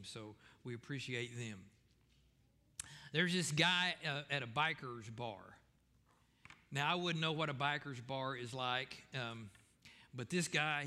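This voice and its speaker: A man's voice: mid-range voice, pushed and bright. A male pastor preaching a sermon, telling stories in a folksy way with frequent fillers. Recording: echoey church hall reverb.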